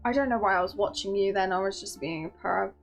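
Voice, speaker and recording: A woman streaming a game, chatting casually and reading dialogue aloud in a giggly, playful, excitable way. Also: medium pitch, fast talker, gravelly, faint music behind.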